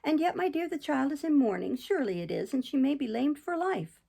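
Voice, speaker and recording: A woman's voice: high-pitched, very animated, a little fast, gravelly, dark tone, voice pushed up, heavily acted. A woman reading aloud and voicing a startled, fussy well-to-do mother who exclaims in alarm. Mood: shocked.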